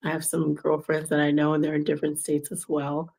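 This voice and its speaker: Low gravelly woman musing late at night. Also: monotone, brisk, a little mellow. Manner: casual, chatty, acts out quoted exchanges. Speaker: podcast host. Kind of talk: late-night personal reflection.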